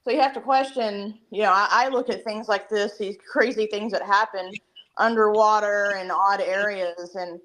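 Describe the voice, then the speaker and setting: A middle-aged woman, a citizen journalist guest on a panel, talking casually with quick asides. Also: medium pitch, steady tone, fairly bright tone, poor audio. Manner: talkative, quick asides and laughs.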